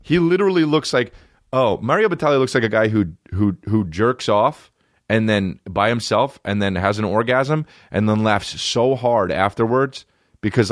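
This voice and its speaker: A man's voice: fairly low pitch, no room sound, clean studio sound. A man in his thirties hosting a comedy podcast, riffing profanely and slipping into mocking voices. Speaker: podcast host.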